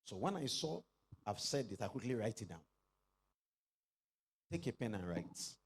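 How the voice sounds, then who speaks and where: A middle-aged man preaching a sermon as pastor, leading the congregation in call-and-response and rising to shouted exclamations. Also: medium pitch, big pitch swings, moderate pace, slightly rough.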